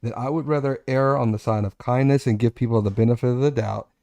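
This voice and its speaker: A man in his forties hosting a casual chat show, telling a long personal story with self-corrections and animated asides. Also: medium pitch, fast, vocal fry, no echo. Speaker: podcast host.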